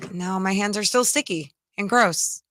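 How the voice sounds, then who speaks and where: A woman's voice: mid-range voice, fairly bright tone, dry recording. A woman co-hosting a live sports radio show, bantering playfully with bursts of exclamation in a studio. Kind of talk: casual live sports talk.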